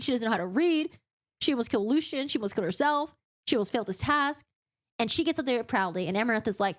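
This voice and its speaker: A woman vlogger giving a casual, dramatic book recap in an animated storytelling manner. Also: a little high, fast talker.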